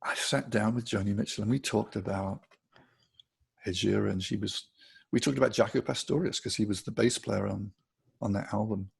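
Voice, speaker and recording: A man's voice: lowish voice, fairly even intonation, moderate pace, gravelly, slightly rough. An older man with an English accent, a guitarist, chatting casually in an interview and telling anecdotes, often laughing. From England. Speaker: guitarist guest.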